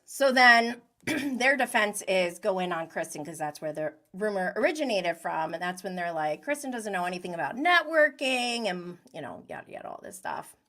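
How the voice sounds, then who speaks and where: A woman's voice: fairly low pitch, lively intonation, moderate pace, sharp tone. A young woman casually recapping a reality show, chatty and giggly, acting out the cast's lines. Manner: chatty, giggly, acts out quotes.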